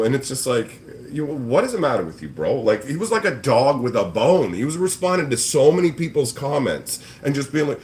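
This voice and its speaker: Lively-pitched man ranting about card games. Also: brisk. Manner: profane, exasperated, mocks others with squeaky put-on voices. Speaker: card game show host. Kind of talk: ranting livestream chat.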